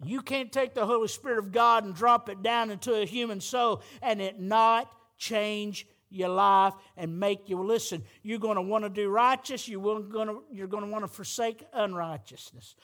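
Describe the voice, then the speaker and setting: A man preaching a sermon as pastor, fervent and rising to loud, emphatic peaks. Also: high-pitched, moderate pace, few pauses.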